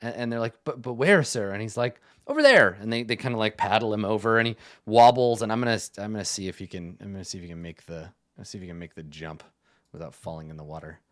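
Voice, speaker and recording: A man's voice: fairly low pitch, flat delivery, fast talker. A man running a tabletop game as game master, narrating casually with lots of fillers and laughs.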